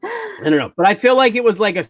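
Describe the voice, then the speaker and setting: A man's voice: extremely high pitch, wildly swooping pitch, fast talker, no room sound. A man hosting a podcast, chatting casually and telling a story, often restarting his sentences. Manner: rambling storyteller, restarts, mock Minnesota accent in quotes. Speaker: podcast host. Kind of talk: casual chat.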